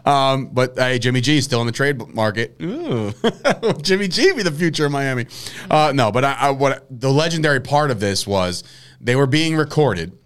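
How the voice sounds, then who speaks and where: A man's voice: mid-range voice, animated, normal speed, clear, resonant tone. Joking, rambling sports show host man. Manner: joking, rambling, laughs often. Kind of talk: casual sports chat.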